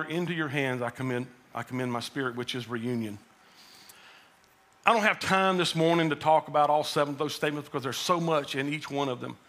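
A male pastor preaching a sermon in a high, bright voice. He pushes his delivery up and then lets it fall low and quiet for emphasis. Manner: preaching, rising to shouted quotes then dropping low.

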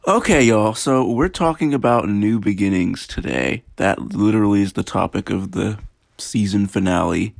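A man's voice: lowish voice, moderate pace, gravelly. A man hosting a self-improvement podcast, laid-back and chatty, calling his listeners y'all. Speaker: podcast host. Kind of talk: casual podcast chat.

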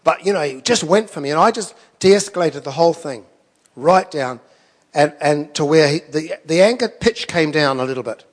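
Guy preaching, chatty storyteller, kinda high voice, long echo in a big hall. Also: lively intonation, normal speed. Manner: conversational storytelling with self-deprecating asides. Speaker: pastor. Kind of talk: sermon.

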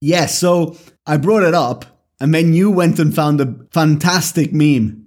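A man from Italy co-hosting a podcast, giving measured, opinionated commentary in casual chat. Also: fairly high pitch, darkish tone. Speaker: podcast co-host.

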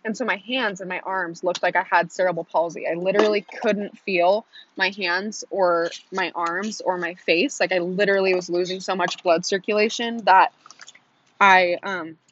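A woman's voice: lowish voice, steady tone, normal speed, a bit bright, dull audio, slight background noise. A young woman telling her viewers a personal story in a casual, chatty way, with lots of "like" and acted-out quotes. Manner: chatty, frequent "like", acts out quotes. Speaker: vlogger.

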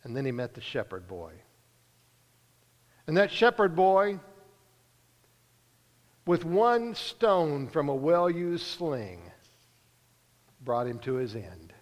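A man preaching a sermon, earnest, pausing and lifting his voice for emphasis. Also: fairly high pitch, very animated, long reverb tail.

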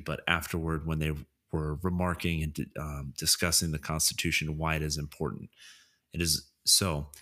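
A man co-hosting a podcast, steadily and deliberately leading a casual discussion. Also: a bass voice, a bit bright. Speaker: podcast co-host. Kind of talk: casual chat, explaining political topics.

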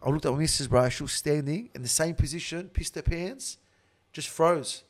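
A man with an Australian accent telling a story in casual talk, swearing constantly and getting loud and laughing as he tells it. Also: fairly high pitch, normal speed. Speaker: interview guest.

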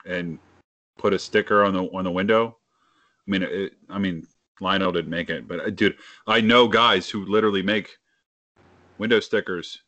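A man's voice: sits low, steady tone, normal speed, sharp tone, no room sound, lo-fi sound. A man with a Philadelphia accent co-hosting a casual sports podcast, brash and joking, swearing freely. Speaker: podcast co-host.

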